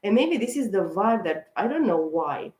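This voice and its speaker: In an echoey room, a tarot reader who hosts a channel gives a very animated, casual astrology reading to camera. Her medium-pitched voice is a little mellow and moves at normal speed. She's chatty and rambling, gets worked up, and keeps saying "of course" and "guys."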